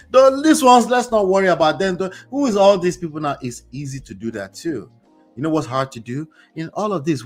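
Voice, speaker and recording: A man hosting a motivational commentary show, speaking straight to his viewers in a preachy, animated way. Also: mid-range voice. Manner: preachy, animated, talks to the audience directly. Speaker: host.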